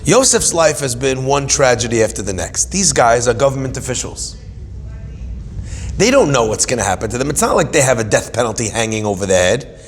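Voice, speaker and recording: A man giving an animated Torah class, telling stories with humorous asides and dramatic emphasis. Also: mid-range voice, a little fast, in a large hall, a little hiss or hum. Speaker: Torah teacher.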